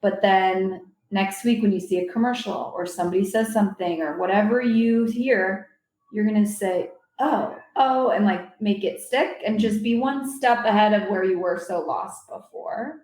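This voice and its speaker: Young woman guest, chatty and animated, from Silicon Valley; recorded with an echo. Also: medium pitch, normal speed. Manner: animated, rambling, quotes people in voices. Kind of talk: casual storytelling chat. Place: convention venue. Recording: roomy echo.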